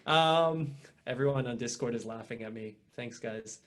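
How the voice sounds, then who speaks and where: A man's voice: mid-range voice, moderate pace, fairly bright tone, a little hiss or hum. A young man teaching an online violin masterclass, talking casually with many restarts and fillers.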